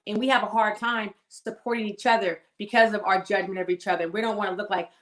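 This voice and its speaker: A woman with a Californian accent, a guest in a casual conversation, talking in an animated, emphatic way and laughing often. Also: mid-range voice, fast. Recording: echoey room.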